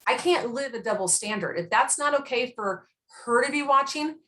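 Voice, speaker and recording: Middle-aged woman, conversational guest, lively storyteller who plays out the dialogue. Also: a little high, normal speed. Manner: animated storyteller who acts out quotes. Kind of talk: casual chat.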